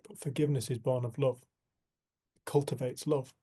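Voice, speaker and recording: A man's voice: mid-range voice, steady tone, breathy edge. A man giving an earnest, reflective spiritual talk to a community group, telling a personal story. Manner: earnest, storytelling, soft and slow at times.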